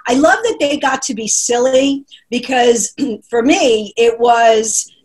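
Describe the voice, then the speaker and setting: A woman comedian speaks in dry, self-deprecating asides. Her voice sits a little high. She is heard over a video call. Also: slow, darkish tone, poor audio. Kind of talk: casual panel chat.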